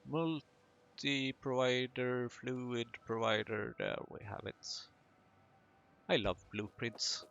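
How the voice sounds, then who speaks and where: Slow, gravelly man narrating gameplay. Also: medium pitch, fairly even intonation, a bit bright, highs cut off. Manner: chatty, self-mocking asides while building. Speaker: gaming video host. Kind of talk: casual let's-play commentary.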